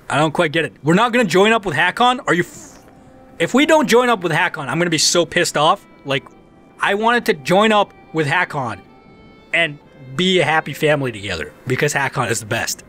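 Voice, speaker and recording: A young man commentating a game, excitable and swearing, reading the game text aloud. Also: fairly high pitch, normal speed, pauses often, soft background music. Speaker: gameplay commentator. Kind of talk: let's play commentary.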